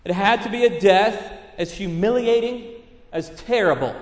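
A man's voice: high-pitched, moderate pace. A man in his thirties preaching a sermon, earnest and mixing in family stories. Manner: earnest preaching with storytelling asides. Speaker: pastor. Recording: echoey hall reverb.

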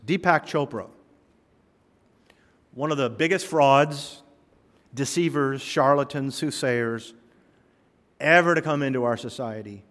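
A man's voice: mid-range voice, a little slow, pauses often, a bit bright. A man preaching a sermon, telling stories with humor and driving home emphatic points. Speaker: pastor. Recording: long reverb of a hall.

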